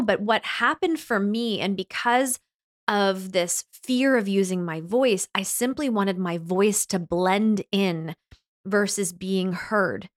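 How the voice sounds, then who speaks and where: Middle-aged woman, motivational speaker, earnest and heartfelt, mid-range voice. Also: mid-range voice. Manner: earnest, heartfelt, emphatic lists. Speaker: course creator and speaker. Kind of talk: motivational monologue.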